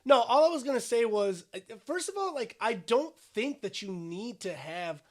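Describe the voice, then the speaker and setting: A man co-hosting a podcast in casual chat, blunt and quick to argue, swearing freely. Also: very high voice, expressive, darkish tone. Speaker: podcast co-host.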